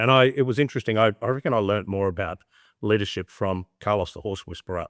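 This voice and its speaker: Animated Australian man, low voice. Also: fast talker, no room sound, studio quality. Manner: animated storyteller, acts out voices in anecdotes. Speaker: guest. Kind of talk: reflective interview talk.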